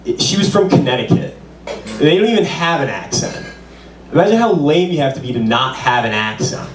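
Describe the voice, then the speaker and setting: A man's voice: fairly high pitch, animated, brisk, slight background noise. A man doing a stand-up comedy set, with a loose, rambling delivery full of "like". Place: small bar performance room. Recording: roomy, distant, with audience.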